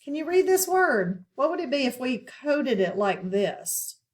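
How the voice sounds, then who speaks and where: A woman teaching a phonics lesson to children, asking questions and pausing patiently for answers. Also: high-pitched, sing-song. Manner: slow, patient, asks questions and pauses.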